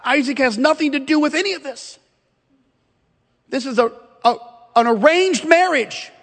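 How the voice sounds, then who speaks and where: High-voiced preaching man in echoing hall. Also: moderate pace. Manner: animated preaching with humor and emphatic repetition. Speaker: pastor. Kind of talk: sermon. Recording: long hall reverb.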